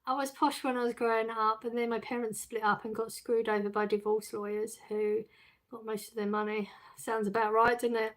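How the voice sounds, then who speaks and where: A chatty middle-aged woman hosts a relaxed live stream, answering her chat and laughing easily. Her voice sits a little high, and she talks in a loose, friendly, rambling way. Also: brisk. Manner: chatty, laughs often, warm and reassuring. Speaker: livestream host reading chat. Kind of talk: casual chat.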